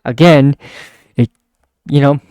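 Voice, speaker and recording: Smooth-voiced man recapping a manga. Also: mid-range voice, steady tone, slow, no echo, studio quality. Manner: chuckles often while retelling scenes; reads character lines in a softer voice. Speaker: manga reviewer. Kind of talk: casual chapter recap.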